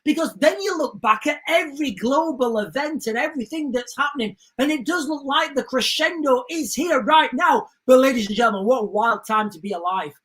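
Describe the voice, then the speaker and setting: A higher-voiced woman hosting a livestream, urgent and emphatic, who keeps turning to her viewers as she talks. Her tone presses hard, full of warnings and repeated appeals. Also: animated, a little fast, few pauses, a bit bright. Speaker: livestream host. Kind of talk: livestream commentary.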